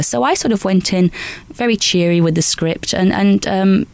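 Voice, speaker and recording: A woman in her forties from Lancashire, England, telling lively stories in an interview as a guest actress, often restarting sentences. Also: medium pitch, moderate pace, gravelly, clean tone. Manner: lively anecdotal storytelling, frequent restarts and small laughs. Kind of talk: chatty interview answers.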